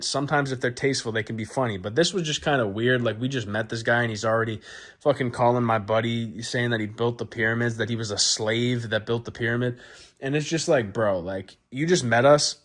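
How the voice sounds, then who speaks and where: A man hosting his own channel, telling a comic story in a crude, boastful way with lots of swearing. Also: mid-range voice. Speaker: vlog host. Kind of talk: profane comedic storytelling.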